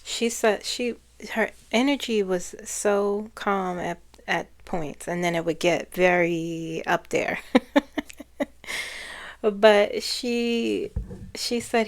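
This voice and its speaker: A woman psychic reader speaking earnestly to her viewers as she relays channeled messages, often pausing to restart and repeat phrases. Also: mid-range voice.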